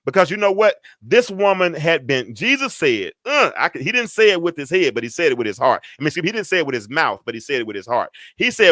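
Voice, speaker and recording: A man's voice: a little high, big pitch swings, fairly quick, pushed and bright, dry recording, studio quality. A middle-aged man, a preacher and host, delivering a sermon with an emphatic, repetitive cadence. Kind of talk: livestreamed sermon.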